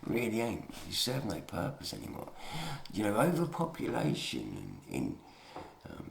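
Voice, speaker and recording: Male vlogger, meandering, swearing, swings between mutter and emphasis, lively pitch, echoey room. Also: vocal fry. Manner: meandering, swears, drops to mutters then rises to emphatic outbursts. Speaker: YouTube monologuist. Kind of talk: rambling to-camera monologue. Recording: roomy, echoey room sound.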